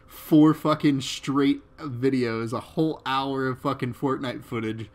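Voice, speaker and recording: A man's voice: medium pitch, fairly even intonation, unhurried. Giggly, teasing male interviewer. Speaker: interviewer, channel host. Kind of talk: casual chat.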